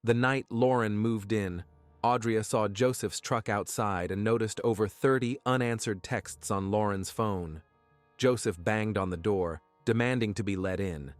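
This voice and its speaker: A man giving scripted true-crime narration in a measured, even way. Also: on the low side, dry recording, faint music behind.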